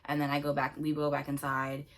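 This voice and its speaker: Young woman, twenties, low-pitched, casual animated storyteller. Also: a little fast, gravelly, a little hiss or hum. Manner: chatty, animated, breaks into laughter. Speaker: vlogger.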